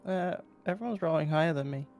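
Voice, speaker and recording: Low-voiced playful woman player. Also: quick pace, darkish tone, faint music behind. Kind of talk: casual game chat.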